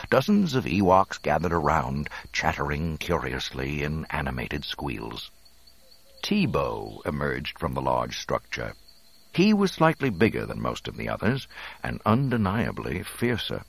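A man narrating a storybook in an expressive, dramatic reading. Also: extremely low pitch, creaky, no echo.

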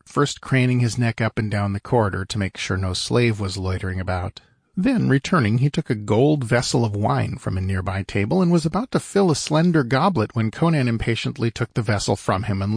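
A man narrating a fantasy audiobook in a measured, descriptive storytelling manner. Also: lowish voice, darkish tone, slightly rough, no echo, studio quality. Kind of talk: scripted narration.

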